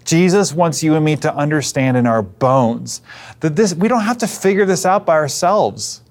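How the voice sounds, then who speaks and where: A pastor with a voice on the high side preaches a sermon at normal speed, expressive and earnest in a conversational style. He frequently restarts phrases and at times drops into hushed, near-whispered asides.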